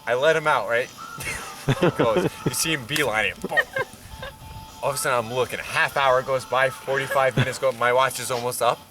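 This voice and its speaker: A man telling a profane story at a campfire, animated and laughing as he goes. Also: medium pitch, normal speed, over music. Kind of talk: casual anecdote by a campfire. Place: outdoor campfire at night.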